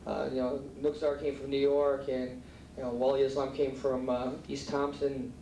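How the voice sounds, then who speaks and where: A man's voice: mid-range voice, little pitch movement, moderate pace, warm tone, a little hiss or hum. Heartfelt man speaking in an echoey hall. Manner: heartfelt, rambling, many restarts. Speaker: martial arts school owner giving an acceptance speech. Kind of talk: off-the-cuff thank-you speech. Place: banquet hall at a dinner. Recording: echoey hall, mic far off, faint room ambience.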